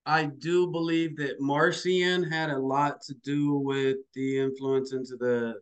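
Slow, smooth-voiced male interviewer. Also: mid-range voice, level tone. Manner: hesitant, many fillers. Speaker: interviewer, podcast host. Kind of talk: conversational interview.

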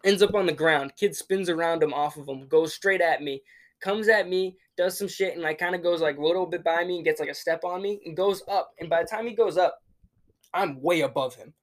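Fast-talking young man telling a story. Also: on the high side. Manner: animated storytelling, acting out quotes, casual swearing. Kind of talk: casual podcast chat.

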